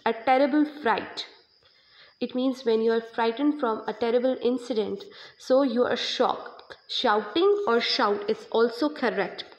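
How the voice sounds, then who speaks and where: A woman with a Pakistani accent and a somewhat high voice walks her class through revision exercises. She poses questions and answers them herself, explaining patiently step by step. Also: rough recording. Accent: Pakistani English. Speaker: English teacher. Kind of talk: online revision lesson.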